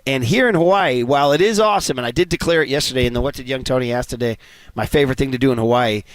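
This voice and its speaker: A man's voice: medium pitch, rapid-fire, no echo. A man hosting a sports radio show, chatting casually and telling stories with frequent laughs. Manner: animated storyteller, laughs often, joke-telling.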